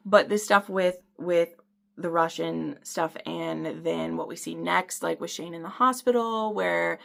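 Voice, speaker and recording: A woman reviewing a romance book adaptation in a casual video, gushing and excitable, rambling with fillers and restarts, swearing for emphasis. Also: fairly low pitch, creaky.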